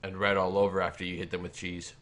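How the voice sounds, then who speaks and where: A man co-hosting an improvised comedy show, tossing in deadpan comebacks. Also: low voice, fast. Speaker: co-host.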